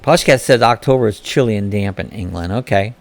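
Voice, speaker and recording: A man's voice: lowish voice, fairly quick, vocal fry. A man from Florida hosting a casual live-stream chat, reading viewers' comments aloud and answering them in a chatty way.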